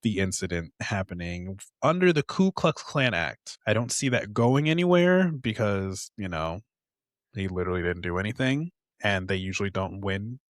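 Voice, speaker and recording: A man with a lowish voice co-hosting a podcast, talking in loose casual chat. He swears freely and laughs through sarcastic asides. The sound is dry and close. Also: very animated, normal speed, no echo. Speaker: podcast co-host.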